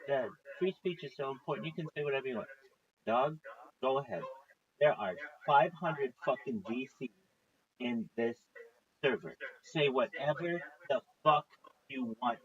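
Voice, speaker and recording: A man telling a rambling story on a casual livestream, swearing often and acting out what others said. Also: medium pitch. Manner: rambling, swearing, quotes others in lively voices. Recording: dull lo-fi stream audio.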